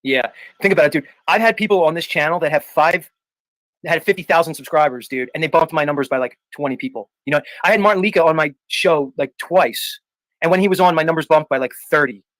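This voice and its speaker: A man's voice: fairly high pitch, fast talker, a bit bright, no echo, low-quality recording. A man hosting a livestream panel talks at a breakneck clip in a dry, close sound. He argues emphatically, keeps circling back to the same point, and drops "dude" and "bro" into nearly every thought as he reads viewer comments aloud. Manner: argumentative, repeats points for emphasis.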